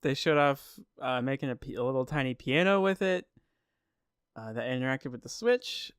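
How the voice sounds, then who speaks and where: A man's voice: mid-range voice, normal speed, clear, resonant tone, dry recording, studio quality. A man co-hosting a casual gaming podcast, laughing often as he talks. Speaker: podcast co-host. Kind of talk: casual chat.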